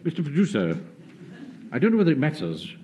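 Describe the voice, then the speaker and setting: A pompous, self-important Home Guard captain, speaking high and swinging up and down in pitch. He narrates with stiff authority, behind a heavy hiss of an old radio recording. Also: huge pitch swings, brisk. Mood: indignant. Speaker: officer reading a radio script.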